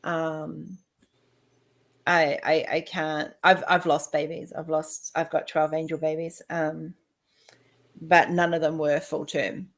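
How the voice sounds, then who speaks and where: A woman in her fifties chatting casually, telling lively personal stories and acting out what people said. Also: sits low, takes it slowly. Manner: chatty, animated storytelling, acting out quoted dialogue.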